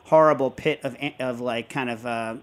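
A man hosting a casual talk show, rambling and animated, often breaking into show tunes. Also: mid-range voice, moderate pace. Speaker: host. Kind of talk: casual chat.

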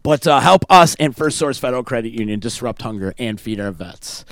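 A man's voice: mid-range voice, expressive, brisk, no room sound. Hyped radio host man, dry studio sound. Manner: loud, jokey, hyped promo delivery. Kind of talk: casual live show chat with sponsor reads.

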